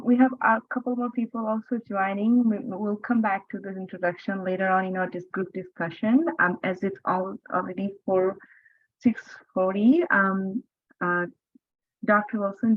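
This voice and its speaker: A woman's voice: mid-range voice, steady tone, normal speed, dry recording. A woman moderating an online meeting, welcoming people and calling on them one by one. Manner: brief welcoming replies, calling names. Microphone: video call. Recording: dry, phone-like call audio.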